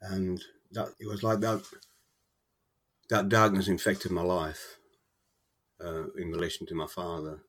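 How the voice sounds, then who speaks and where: A man being interviewed about his book, telling his faith story in a halting, earnest way with many repeated words. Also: low voice, breathy edge. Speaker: author guest. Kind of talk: casual interview, personal testimony.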